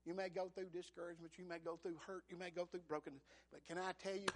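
High-voiced man preaching with dramatic swings. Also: flat delivery, fast talker, noisy background. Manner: dramatic preaching, swinging from whispers to loud peaks. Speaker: pastor. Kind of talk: sermon.

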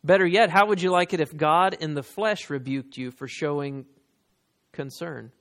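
Man preaching, slow emphatic scripture reading. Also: on the high side, a bit bright. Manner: reads scripture slowly and with emphasis, talks to listeners directly. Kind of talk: sermon.

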